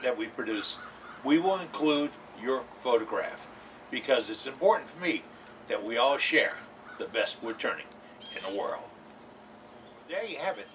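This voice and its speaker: A man hosts a woodturning lesson, his voice bright and fairly high, swinging widely in pitch. He hammers home points by repeating them and drops in jokey asides. He sits some way back from the mic, with a faint hiss of room ambience behind him. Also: far from the mic. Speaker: woodturning show host. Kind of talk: folksy instructional talk to camera.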